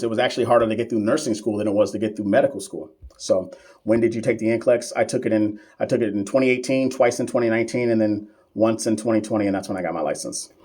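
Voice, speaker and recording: A man's voice: on the low side, a little mellow. Chatty man answering live-stream comments. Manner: loose and chatty, reads viewer comments aloud and answers them; teasing and familiar with regular viewers. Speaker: nursing exam coach hosting a live stream.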